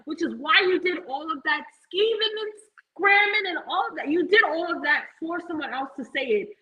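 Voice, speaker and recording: A woman's voice: extremely high pitch, expressive, normal speed, muffled recording. A woman co-hosting a podcast, ranting bluntly and profanely in a casual reality-TV recap chat. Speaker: podcast co-host.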